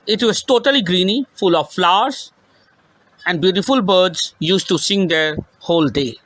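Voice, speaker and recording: A male teacher reading a children's story aloud with emphasis, pausing to repeat and explain each line in simple words. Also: sits high, fairly bright tone, no room sound, rough recording.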